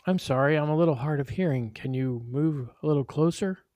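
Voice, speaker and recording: A man's voice: on the high side, brisk, mellow, no room sound, clean studio sound, voice pushed up, close to an everyday voice. A man voicing an earnest neighborhood mother teaching children in a read-aloud story. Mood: teacherly.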